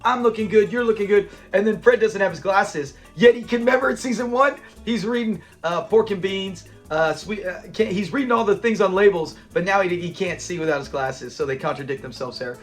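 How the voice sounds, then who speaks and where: A man's voice: high-pitched, brisk, hardly any pauses, faint music behind. A man hosting a casual episode breakdown, retelling scenes with quoted lines and laughing often. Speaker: show recap host.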